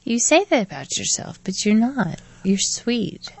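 A woman's voice: fairly high pitch, very animated, unhurried, a little mellow, husky, no echo. A woman co-hosting a podcast in a casual chat, talking playfully and telling stories about her child. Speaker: podcast co-host.

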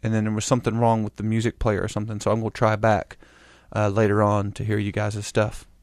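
A man's voice: on the low side, completely flat delivery, fast talker, a little mellow, no room sound, studio quality. A man with a Southern US accent, co-hosting a podcast in a laid-back, rambling, joking way. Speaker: podcast co-host. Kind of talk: casual chat.

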